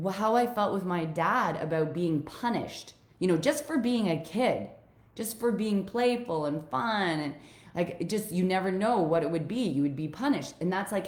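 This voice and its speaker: Slow, emotional swearing woman coach. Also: on the low side, expressive, a little mellow, roomy sound. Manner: raw, swearing, heartfelt. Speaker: life coach. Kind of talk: emotional personal vlog to viewers.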